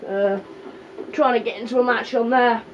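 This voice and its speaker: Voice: mid-range voice, steady tone, normal speed. A young adult with a British accent, hosting casual let's-play commentary, rambling and joking at the characters on screen. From Britain. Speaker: gaming video host. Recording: slightly dull mic with faint hiss.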